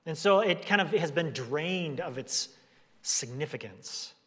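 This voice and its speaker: With a fairly high pitch and a slightly slow delivery, a pastor preaches in a relaxed, talky way, briefly imitating the voices of the people he describes. His sermon echoes with a long hall reverb.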